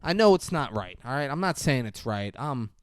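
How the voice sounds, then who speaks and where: A man acting out a desperate young man who confesses and pleads his case, a rushed, pleading delivery. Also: mid-range voice, big pitch swings, no echo, clean studio sound, voice pushed down, close to an everyday voice.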